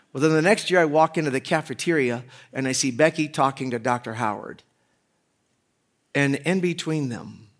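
A married man preaching a sermon with funny personal stories, swinging from quiet asides to loud, excited bursts. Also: mid-range voice. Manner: animated storytelling, jokey asides, loud swings in volume. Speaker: pastor. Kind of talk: humorous sermon.

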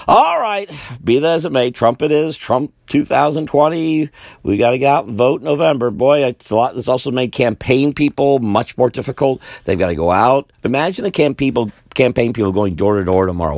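An older man hosting a solo podcast of political commentary, rambling and repeating himself, his voice tired and going low. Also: very animated, fast, creaky, a little mellow, no room sound, studio quality. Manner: rambling, repeats himself, sighs and laughs wearily. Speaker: podcast host.

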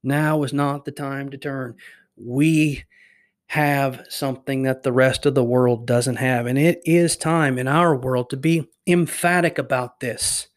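A man's voice: medium pitch, steady tone, a little slow. A man preaching a sermon, emphatic, building through repeated phrases. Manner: emphatic, repetitive preaching cadence.

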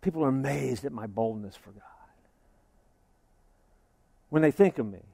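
A man preaching a sermon as pastor, lively, acting out what his listeners might say. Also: medium pitch, moderate pace, vocal fry, no echo. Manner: lively preaching, acts out imagined congregants.

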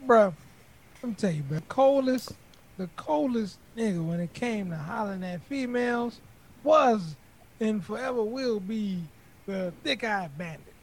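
A man co-hosting a podcast in casual chat, loud and joking. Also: sits high, expressive, measured pace, slight background noise. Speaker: podcast co-host.

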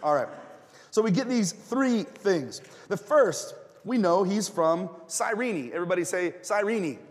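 A man's voice: high voice, lively intonation, measured pace, long reverb tail. A man preaching a casual, joking sermon, asking the congregation questions and getting replies. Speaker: pastor. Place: church hall.

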